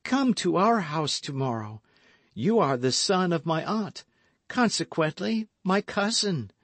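A man doing a proud lawyer's wife in her middle years who sounds piqued and pleading. The voice is raised high and bends a lot, with slow phrasing. It is recorded close and dry, as in a storybook reading. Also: expressive, fairly bright tone, no echo, full character voice.

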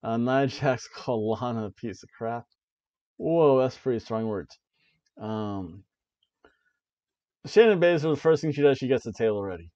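A man casually recapping a wrestling show for his podcast, breaking into giggles between thoughts. His voice sits at a middle pitch. The recording is dull and lo-fi, with a close, dry sound. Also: lively intonation, moderate pace, long pauses, darkish tone, no echo. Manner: giggly, laughs often while recapping. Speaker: wrestling review podcast host.

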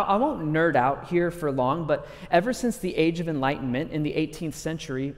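A man preaching a sermon in an energetic, conversational way, acting out scripture stories. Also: a little high, in a large hall. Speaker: pastor.

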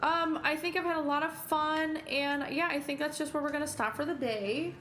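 A woman's voice: high voice, moderate pace, a bit bright, echoey room, a little hiss or hum. A young woman streaming a horror game, chatting with viewers and shrieking at the scares. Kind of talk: live game commentary.

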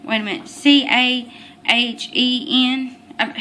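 A woman's voice: on the high side, steady tone, slow, sharp tone. A young adult woman vlogging in a casual, chatty way about baby names, often apologizing and getting tongue-tied. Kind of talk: casual baby-name vlog.

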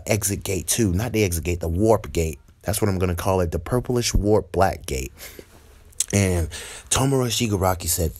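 A man's voice: sits low, darkish tone. A young man narrating an improvised fan story in a rambling, self-correcting way.

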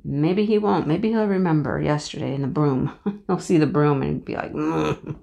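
A woman vlogging from her home office in a casual, chatty storytelling way, animated and acting out the voices in her story. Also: low-pitched, moderate pace, creaky. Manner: animated, acts out voices in anecdotes, laughs often. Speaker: crafting vlogger.

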